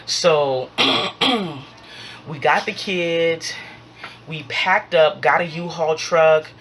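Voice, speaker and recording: A woman tells a storytime vlog in a low, full voice. She is animated and acts out every quoted line as she goes, with a faint hiss behind her. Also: drawn-out words. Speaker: vlogger.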